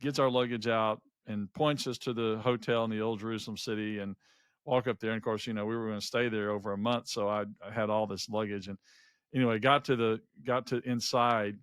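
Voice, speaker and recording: A man's voice: lowish voice, brisk, clean tone, no room sound, studio quality. A middle-aged man co-hosting a podcast, telling a personal travel anecdote in casual chat, with many restarts along the way. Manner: rambling anecdotes with frequent restarts and lively quoted voices. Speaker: podcast co-host.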